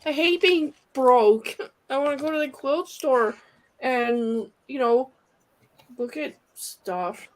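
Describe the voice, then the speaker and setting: A woman's voice: high voice, slow. A woman showing a quilting technique on a live stream, explaining it step by step. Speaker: quilting demonstrator. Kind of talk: casual tutorial chat.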